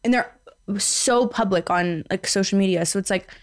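A woman in her twenties, co-hosting a podcast, telling a gossipy story full of "like" with her voice jumping up when excited. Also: mid-range voice, normal speed. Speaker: podcast co-host. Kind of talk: casual chat.

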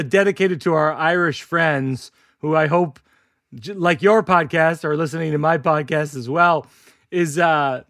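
A podcast host speaking in easy, casual chat. His voice sits high for a man, and it sounds dry and close to the mic. He breaks into laughter partway through his jokes. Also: fairly bright tone, no room sound. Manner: keeps breaking into laughter mid-joke. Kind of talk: casual chat with a joke told aloud.

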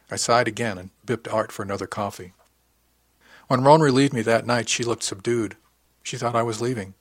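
A man narrating a first-person audiobook in an even, wry storytelling manner. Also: fairly low pitch, no echo.

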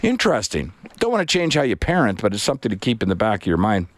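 Middle-aged radio guy, lowish voice, dry studio sound, rambly with lots of uhs. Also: quick pace, no echo. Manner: relaxed, rambling, frequent uhs. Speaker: radio host. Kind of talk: casual radio talk.

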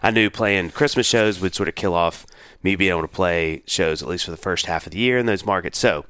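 A man in his forties, co-hosting a podcast in casual, animated chat, full of restarts. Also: sits low, brisk, no room sound. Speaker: podcast co-host.

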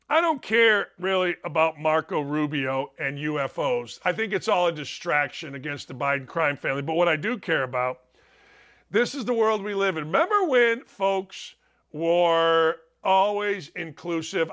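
Blunt ranting older man, high bright voice. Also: animated, moderate pace. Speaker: sports talk show host. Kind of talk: opinionated talk show monologue.

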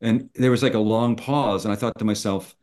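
A man's voice: fairly low pitch, fairly even intonation, fairly quick, a little mellow. A middle-aged man, a screenwriter, telling a story in conversation and acting out both sides of old phone calls. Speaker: screenwriter guest.

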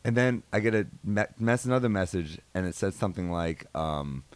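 A man's voice: deep voice, expressive, fairly quick, smooth, no echo. A man, a comedian, telling funny stories in casual chat and acting out the quoted lines.

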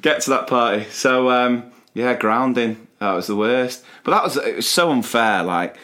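A man's voice: medium pitch, normal speed, fairly bright tone. A man in his forties co-hosting a podcast in casual chat, reminiscing and laughing often. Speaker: podcast co-host.

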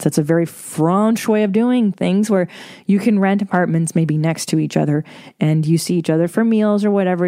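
A woman hosts her own podcast from a home recording studio, ranting solo in a casual, blunt, and profane way. Her voice sits on the low side with a warm tone, and the recording is dry and studio quality.

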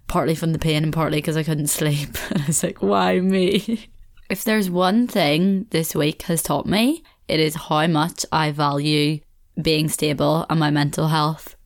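A young woman with a Belfast accent hosting a casual solo podcast, chatting in a rambling way with frequent laughs. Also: low voice. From Northern Ireland. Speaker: podcast host.

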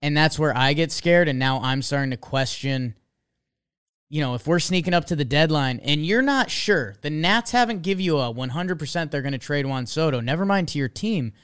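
Young male sports-show host, clear smooth voice, chatty and excitable. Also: on the high side, moderate pace. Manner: excitable, rambling, jokey. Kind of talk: casual sports chat.

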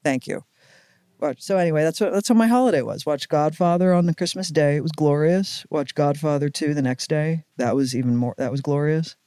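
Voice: mid-range voice, brisk, dark tone, clear, resonant tone, dry recording, clean studio sound. A speaker in casual chat, talking emphatically and with playful indignation.

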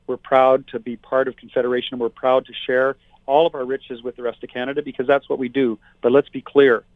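A man speaks with forceful indignation as a political candidate on a talk show. His voice comes through a thin, tinny phone line. The sound is dry, with no room around it. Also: mid-range voice, little pitch movement, a little fast, no echo. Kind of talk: talk radio interview by phone.

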